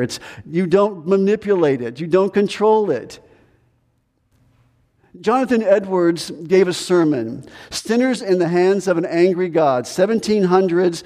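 A man preaches a sermon from the pulpit, hammering points home through repetition and drawn-out pauses. His voice is mellow and a little higher than most men's. The sound rings with the long reverb of a church sanctuary. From United States. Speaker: pastor.

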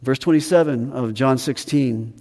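Male pastor, earnest sermon delivery, mellow tone, long reverb of a big room. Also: mid-range voice. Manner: earnest preaching, slowing on key phrases and rising with emphasis.

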